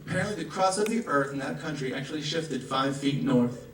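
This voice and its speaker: A man's voice: mid-range voice, animated, a little hiss or hum. Southern man doing stand-up in a club. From American South. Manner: rapid asides, acts out characters in raised voices. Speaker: stand-up comedian. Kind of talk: stand-up comedy set. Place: comedy club. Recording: roomy club audio from a distant mic.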